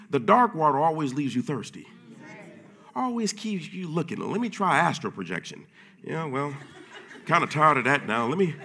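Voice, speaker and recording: Bright-voiced man preaching loudly. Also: creaky. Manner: swings from low murmurs to loud shouting; casual preaching with slang. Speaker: pastor. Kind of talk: sermon. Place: church.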